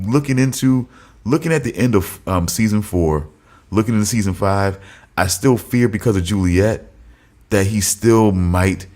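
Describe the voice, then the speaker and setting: Low-voiced man rambling on a podcast. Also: a little mellow. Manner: rambling, thinking aloud with many restarts. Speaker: podcast co-host. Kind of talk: casual chat.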